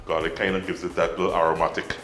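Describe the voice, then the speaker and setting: A low-voiced man chats through a recipe with bright, forceful energy. He is a lively cooking-show host, and the sound carries the echo of a roomy kitchen, with faint music behind him. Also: quick pace. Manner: lively, chatty, laughs easily. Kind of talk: casual cooking chat.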